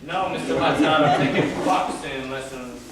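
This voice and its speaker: A man's voice: mid-range voice, moderate pace, natural voice. A man plays a stiff, formal father in a school stage play. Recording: echoey hall, far camera, noisy.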